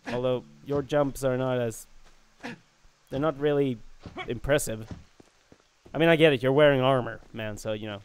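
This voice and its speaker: A man's voice: medium pitch, steady tone, moderate pace, a little hiss or hum. A man giving casual, joking, profane commentary while playing a fantasy role-playing game. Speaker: gaming video host. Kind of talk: casual let's-play commentary.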